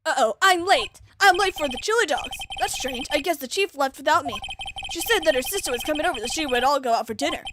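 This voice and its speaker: A woman's voice: sits high, lively intonation, fast talker, a bit bright. A woman reading as an anxious young lawyer man. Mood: worried.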